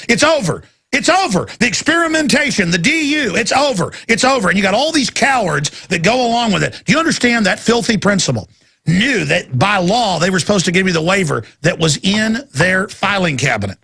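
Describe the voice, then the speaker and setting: Gravelly, ranting male radio host. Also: high voice. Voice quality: gravelly, husky. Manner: fiery, ranting, bursts into shouting. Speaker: radio talk show host. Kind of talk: ranting call-in radio talk.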